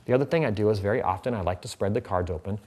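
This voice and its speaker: A man's voice: lowish voice, rapid-fire, a little mellow. A man teaching a card trick in a casual tutorial, chatting as he handles the cards.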